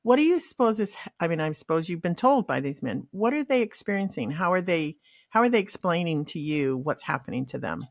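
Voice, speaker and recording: Low-voiced female host, dry recording, halting thoughtful questions. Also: big pitch swings, creaky, no room sound. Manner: hesitant, searching phrasing with fillers. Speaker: counseling psychologist host. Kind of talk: interview questions.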